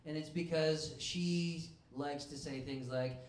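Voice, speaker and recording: A man doing a stand-up set in a comedy club, talking in a rambling, halting way into a handheld mic. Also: a little high, fairly even intonation. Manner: rambling, halting, self-interrupting. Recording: echoey club room.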